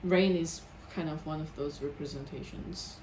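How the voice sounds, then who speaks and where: A woman's voice: low voice, steady tone, normal speed, darkish tone. Tentative woman in an echoey room. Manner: tentative, hedging her ideas. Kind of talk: casual film discussion. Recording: roomy echo with faint background noise.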